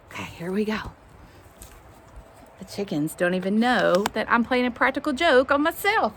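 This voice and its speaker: A woman leading a children's activity lesson, animated and talking straight to the kids. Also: mid-range voice, moderate pace, heavy background noise. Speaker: children's teacher.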